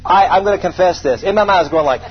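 Higher-voiced preacher man telling a story. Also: very fast, muffled recording, faint music behind. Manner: folksy, self-deprecating, asks the congregation rhetorical questions. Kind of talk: conversational sermon storytelling.

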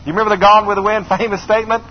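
A man's voice: high voice, fairly even intonation, rapid-fire. A middle-aged man preaching a sermon emphatically, repeating phrases and calling on the congregation to answer. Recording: slightly dull recording with faint noise.

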